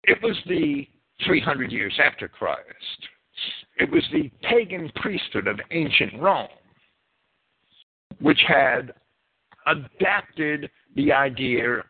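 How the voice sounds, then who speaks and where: A man with a New Jersey accent teaching a Bible sermon, emphatic and deliberate, stretching his key words. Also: fairly high pitch, huge pitch swings, vocal fry, slightly rough. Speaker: preacher. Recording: phone-like narrow sound.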